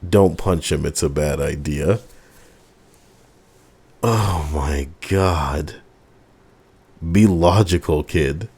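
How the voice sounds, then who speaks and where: A man playing a video game, reading its dialogue aloud in a low-key drawl with sighs and cursing. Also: very slow, pauses often, darkish tone, slightly rough. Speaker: let's play gamer.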